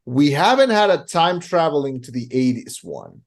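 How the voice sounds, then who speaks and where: A man co-hosting a podcast, chatting casually about a film and retelling its scenes in animated, rapid bursts. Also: fairly high pitch. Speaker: podcast co-host. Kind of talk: casual movie review chat.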